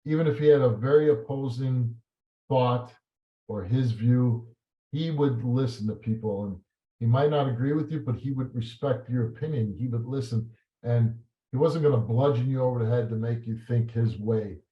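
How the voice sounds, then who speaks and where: A man in an interview, telling stories and reminiscing in a halting way, with many fillers and restarts. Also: mid-range voice. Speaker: talk show host as guest. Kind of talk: reflective interview answers. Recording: roomy and slightly dull sound.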